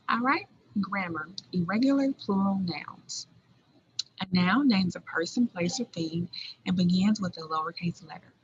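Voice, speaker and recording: A woman teaching a recorded early-grade lesson, speaking deliberately and spelling words out letter by letter, on a dull lo-fi recording. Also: on the low side, fairly bright tone, breathy edge.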